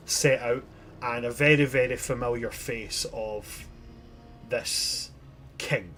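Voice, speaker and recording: A man narrating a tabletop game as game master, descriptive and chatty with frequent restarts. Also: mid-range voice.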